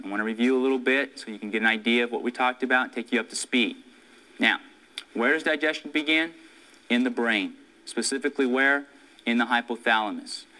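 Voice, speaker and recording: A man delivers a classroom lecture with a bright, forceful tone and a mid-range pitch. He drives home each point with emphasis, quizzing the room and answering his own questions. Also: rough recording. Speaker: instructor.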